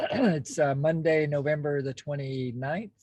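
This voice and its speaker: Casting note: man, husky, steady mid voice, calm group-meditation host on a phone video call from a car, close and dry. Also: a little high, dry recording. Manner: slow, calm, clears throat often. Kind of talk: gentle guided mindfulness. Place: parked car.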